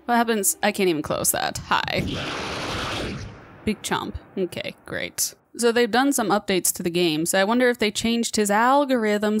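A woman's voice: mid-range voice, very animated, moderate pace, no room sound. A woman hosting a let's play, chatting through her gameplay, often laughing and coaxing the game's monster as if it were a pet. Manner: frequent laughter. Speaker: gaming channel host.

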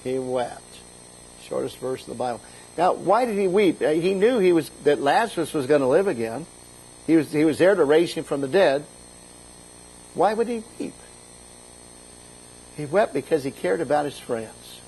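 A man's voice: on the high side, animated, normal speed, long pauses, a little mellow, breathy edge, rough recording. A middle-aged man, a bishop, preaching a conversational sermon, retelling scripture in a casual, folksy way and lifting his voice for quoted lines.

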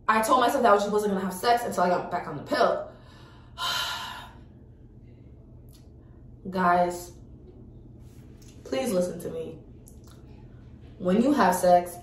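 A woman's voice: mid-range voice, far from the mic. Frank young woman in an echoey room. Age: early 20s. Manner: frank and animated, swears freely, addresses viewers directly. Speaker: vlogger. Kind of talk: casual storytime chat.

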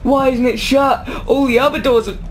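A man's voice: very high-pitched, steady tone, normal speed, a little hiss or hum. A young man commenting on a horror video game, jumpy, yelping and talking back at the characters. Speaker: gaming YouTuber.

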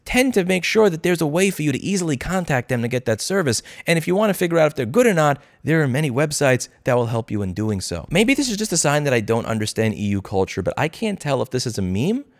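A man ranting emphatically in a commentary vlog, exasperated and animated. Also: on the high side, fast, hardly any pauses. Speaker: repair shop owner and advocate.

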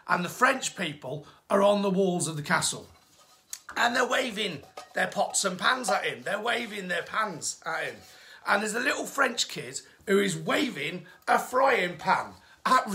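A man's voice: high voice, vocal fry, sharp tone. A man with an English Midlands accent, a tour guide telling history facts in a chatty, jokey live stream and greeting viewers by name. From England.

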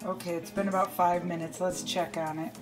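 A woman's voice: on the low side, level tone, fairly quick, music in the background, low-quality recording. A woman hosting a home cooking demonstration in her kitchen, chatting viewers through each step. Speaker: home cooking channel host. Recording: loud sizzling pan noise.

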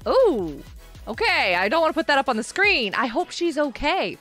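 A woman's voice: sits high, sing-song, moderate pace, fairly bright tone, soft background music. A woman chatting casually on a gaming live stream from a carpeted room at home, giggly and laughing often.

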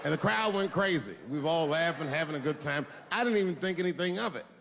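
A man's voice: on the high side, animated, fast talker, vocal fry. Profane stand-up comic man on a big stage. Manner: loud, profane, building jokes to shouted punchlines. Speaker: stand-up comedian. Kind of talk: stand-up comedy set. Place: large stage before a live audience. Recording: live hall with long reverb, faint crowd noise.

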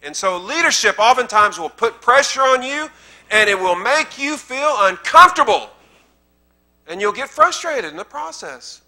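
A man's voice: very high-pitched, very animated, moderate pace, bright, forceful tone. A man with a Southern American accent preaching a sermon in a church, talking plainly to the congregation and building to emphatic, repeated lines. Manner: conversational preaching that swells into emphatic repetition. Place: church sanctuary.

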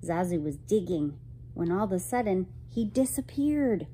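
Female storyteller for children, gentle and expressive, slow-paced and sing-song. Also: lowish voice, a little hiss or hum, low-quality recording. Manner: gentle, expressive, asks listeners questions. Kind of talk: reading a children's picture book aloud.

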